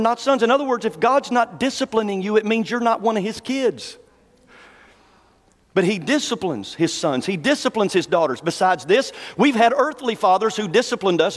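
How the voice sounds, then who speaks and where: A pastor preaching a sermon in a folksy, conversational way and slowing down to read scripture. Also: male voice, high voice, animated. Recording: long hall reverb.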